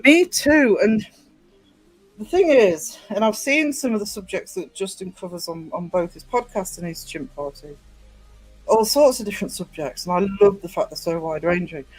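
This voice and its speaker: A man's voice: sits high, expressive, moderate pace, no echo, faint music behind, poor audio. A man hosting a livestream, chatting casually with viewers and rambling with many fillers and restarts. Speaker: livestream host. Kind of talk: casual live chat with viewers.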